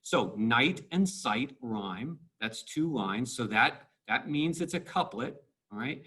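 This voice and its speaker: A man's voice: mid-range voice, animated, slow pace, pushed and bright, breathy edge. Guy teaching english class on video, patient, leans hard on the beats, restarts his words a lot. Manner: explanatory, stressing syllables to show rhythm. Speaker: high school English teacher. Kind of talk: recorded video lecture.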